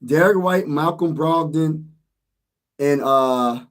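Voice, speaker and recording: A hoarse man with a high voice talks straight to his viewers in an excitable fan rant. He repeats himself and keeps calling the listener "my brother," sounding worn from yelling at the TV. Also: takes it slowly. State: hoarse from screaming. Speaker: sports vlogger.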